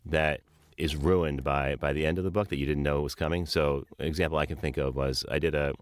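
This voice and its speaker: A man hosting a podcast, also an audiobook narrator, telling stories in an animated, self-mocking way. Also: rumbling low, brisk, no echo, studio quality. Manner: animated storyteller, laughs at himself. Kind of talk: casual interview chat.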